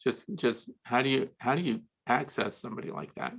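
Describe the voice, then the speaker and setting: A man's voice: medium pitch, sing-song, brisk, creaky, a bit bright, slightly rough. A man hosting a casual interview, chatty and curious, asking follow-up questions. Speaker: interviewer host.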